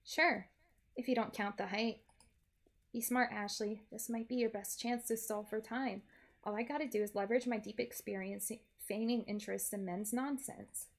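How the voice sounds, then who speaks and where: A woman's voice: on the high side, steady tone, moderate pace. A woman voicing a sarcastic, wisecracking young woman held hostage in a game. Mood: scheming. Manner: sarcastic, wry.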